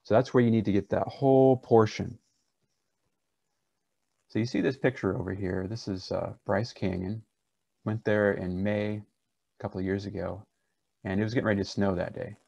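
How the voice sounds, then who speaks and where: A man with a low, gravelly voice teaches a preaching seminar. He talks in an earnest, conversational way and often restarts his sentences. The recording is dry and a little dull. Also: fairly even intonation, moderate pace, long pauses, a little mellow, no room sound.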